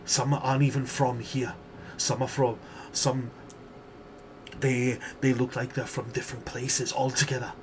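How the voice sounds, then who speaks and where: A man's voice: mid-range voice, level tone, measured pace, close to an everyday voice. A man voicing a frightened, half-insane trapped man who whispers shakily and stammers, repeating his words. The recording is noisy. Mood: terrified. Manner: shaky, whispering.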